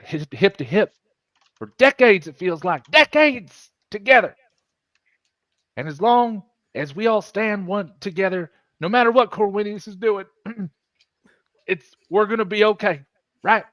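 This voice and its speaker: A man's voice: mid-range voice, big pitch swings, slow pace, pauses often, a bit bright, dry recording, clean studio sound. A man playing an earnest male crewman who pleads with a comrade to stand together, in a tabletop game. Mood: pleading.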